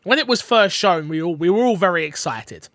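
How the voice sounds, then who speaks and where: A man co-hosting a casual podcast chat, rambling and excitable with lots of fillers, eating while he talks. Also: sits high, brisk, no echo. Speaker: podcast co-host.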